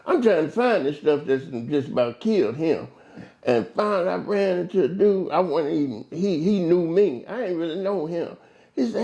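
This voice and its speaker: Gravelly-voiced man spinning a long story. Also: fairly high pitch. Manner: long animated anecdotes, acts out voices in quotes, stumbles and repeats words. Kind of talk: casual storytelling chat.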